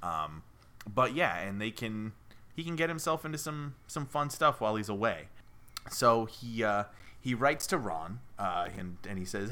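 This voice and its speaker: A man's voice: on the low side, lively intonation, moderate pace, sharp tone. A young man co-hosting an improvised podcast, retelling a story in a playful, joking way. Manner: playful, jokey, laughs often. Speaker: podcast co-host.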